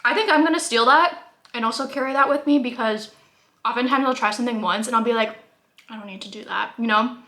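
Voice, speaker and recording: A woman's voice: a little high, quick pace, sharp tone. A young woman vlogging casually at home, chatting about her day while eating, with lots of filler words. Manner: chatty, many "like" fillers, laughs while talking. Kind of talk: casual vlog talk to camera.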